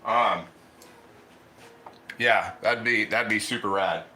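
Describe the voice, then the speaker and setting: A man's voice: lowish voice, slow, pushed and bright, echoey room. A man hosting a casual cooking livestream, chatting loosely and eating as he talks. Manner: chatty, rambling, eats while talking.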